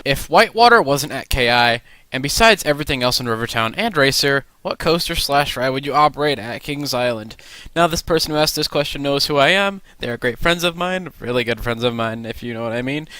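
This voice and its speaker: A man's voice: mid-range voice, a little fast, clean tone, no echo. Young man with a slight lisp. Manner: rambling, excitable. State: stiff swollen mouth after dental surgery. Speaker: vlogger and ride operator. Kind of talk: casual vlog chat.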